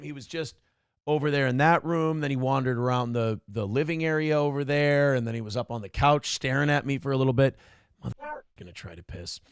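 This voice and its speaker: A man's voice: fairly high pitch, fairly bright tone, clean tone, dry recording, studio quality. A man in his thirties hosting a live stream from home, reading chat aloud and mocking a commenter in profane banter.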